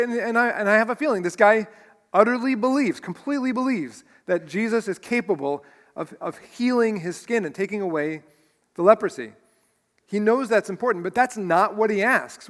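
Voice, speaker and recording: An earnest pastor delivering a heartfelt sermon, his fairly high voice carrying through a church hall with a long reverb trail. He stumbles and restarts as feeling takes over. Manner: earnest, emotional preaching with repeated restarts. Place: church sanctuary.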